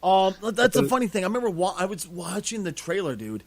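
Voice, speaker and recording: Animated, profane man on a podcast. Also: sits high, fairly quick. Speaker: podcast co-host. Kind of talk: casual podcast chat.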